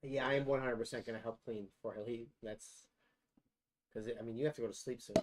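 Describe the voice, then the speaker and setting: A man in his forties, a guest on a cooking stream, upbeat and quick with quips in a home kitchen. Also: mid-range voice, steady tone, heavy background noise. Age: 40s. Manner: upbeat, enthusiastic, quippy. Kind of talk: casual chat on a live cooking stream.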